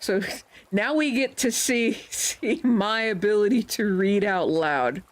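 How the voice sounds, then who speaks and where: A woman's voice: medium pitch, slow. A woman hosting a livestream, talking casually with her chat. She is playful and laughs often, and she tosses out mock-offended comebacks when teased.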